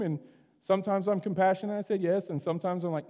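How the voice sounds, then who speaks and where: A middle-aged man preaching a sermon in a church sanctuary, telling stories in a relaxed, conversational way and often checking in with "right?". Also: sits high, fast, vocal fry. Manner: conversational, storytelling, keeps asking "right?". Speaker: pastor. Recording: long hall reverb.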